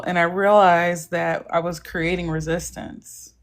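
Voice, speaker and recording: A woman's voice: on the low side, level tone, measured pace. A woman joining a casual faith-based discussion, thoughtful and reflective.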